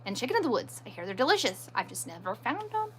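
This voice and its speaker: A woman with a fairly high, bright, slightly breathy voice talks fast, her pitch swinging widely, with faint music in the background. She hosts a live stream and chats casually, answering viewer comments as they come in and poking fun at herself. With pushy viewers she stays firm.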